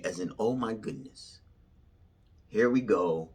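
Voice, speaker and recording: A man telling a personal story in casual slang, swinging from loud excitement to hushed whispers. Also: fairly low pitch, unhurried, slightly rough. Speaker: storyteller recounting a vision.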